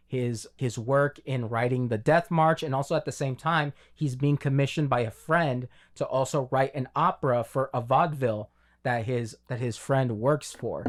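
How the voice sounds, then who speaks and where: A man's voice: medium pitch, a little mellow. A man co-hosting a casual film review podcast, talking in long rambling runs with many fillers and restarts. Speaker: podcast co-host.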